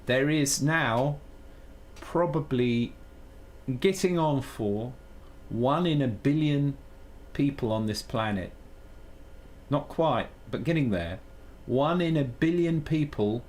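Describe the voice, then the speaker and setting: A man's voice: medium pitch, expressive, takes it slowly, darkish tone. A man chatting casually on a live stream while he programs, thinking aloud, joking at his own expense and switching between English and Italian. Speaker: live streamer coding on air.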